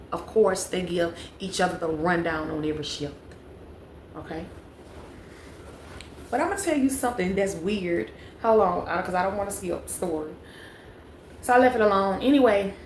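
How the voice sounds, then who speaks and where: A young woman telling a storytime vlog, chatty and talking straight to viewers, repeating phrases for emphasis. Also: medium pitch. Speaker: vlogger. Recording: echoey room with faint background noise.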